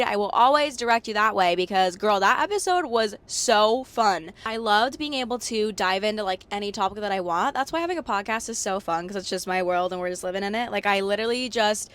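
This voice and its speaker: A young woman talks through her podcast in a bubbly, slangy ramble, her voice pitched at an ordinary middle height. A cold leaves it slightly hoarse, with the odd crack. She swoops her pitch up and down for emphasis. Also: quick pace, few pauses, fairly bright tone, no echo. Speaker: podcast host. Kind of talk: casual solo podcast chat.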